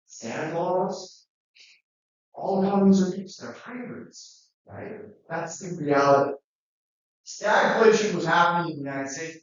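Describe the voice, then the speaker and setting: Male lecturer, lively and conversational; slightly high voice, distant dull recording. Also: heavy reverb. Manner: conversational, animated, acts out quotes. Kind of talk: classroom lecture.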